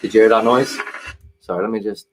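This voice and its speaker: A man hosting a live stream, talking earnestly and hesitantly while working his software, with frequent restarts. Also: lowish voice, fairly even intonation, a little fast, a little hiss or hum. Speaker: livestream host.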